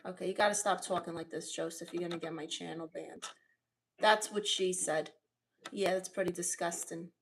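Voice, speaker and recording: A woman comedian chatting casually on a livestream from home, joking and reading out viewer comments in an expressive way. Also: fairly low pitch, normal speed, slight background noise. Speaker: comedian streamer.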